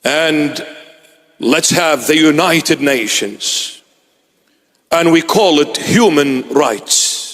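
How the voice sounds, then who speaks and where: A man with a high voice delivers a sermon in a church, slow and emphatic, repeating phrases for weight. His words trail off in a long reverb from the large hall. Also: fairly bright tone. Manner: slow, emphatic preaching with dramatic repetition. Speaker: preacher.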